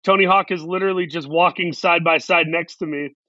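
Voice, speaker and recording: A man's voice: fairly high pitch, fairly even intonation, fairly quick, sharp tone, no echo, highs cut off. A man, an actor guest, telling long self-deprecating stories in a casual interview. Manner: rambling, self-deprecating anecdotes.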